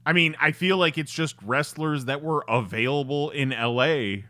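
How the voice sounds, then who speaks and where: A man's voice: on the high side, moderate pace, sharp tone, dry recording. A man co-hosting a podcast in casual chat, chatty and reeling off facts. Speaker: podcast co-host.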